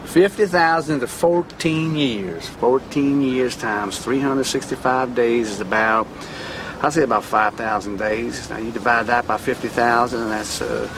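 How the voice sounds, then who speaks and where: An actor playing a menacing middle-aged ex-convict with an Appalachian Southern accent, drawling with deep-chested vowels and forced R's, in a noisy film clip. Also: male voice, a little slow, lightly acted.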